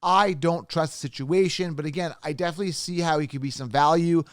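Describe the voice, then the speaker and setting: Brief: male podcast host, opinionated and repetitive, clear resonant tone in a dry room. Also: a little high, fairly quick, no room sound. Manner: emphatic, repetitive, mocks imagined critics. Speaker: fantasy football podcast host.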